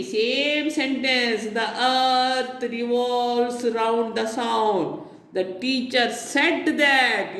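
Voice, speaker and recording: A woman's voice: fairly high pitch, fairly bright tone. A woman teaching an English grammar lesson, explaining step by step and checking in with "okay?" as she goes. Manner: explains step by step with many "now see" and "okay?". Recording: very echoey room with faint hiss.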